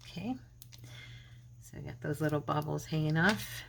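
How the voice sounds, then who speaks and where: A middle-aged woman with a low, gravelly voice chats through a crafting tutorial. She talks to her viewers and mutters to herself as she works. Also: normal speed, slight background noise. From Arizona. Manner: chatty, talks to herself while working. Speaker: craft channel host. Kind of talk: casual crafting tutorial chat.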